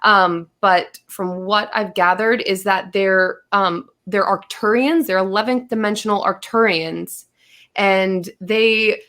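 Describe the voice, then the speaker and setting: A woman in casual conversation as a podcast guest. She tells a long story at a medium pitch, and she keeps slipping into her own past lines with lifted, animated delivery. Her speech is loose and full of fillers. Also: takes it slowly.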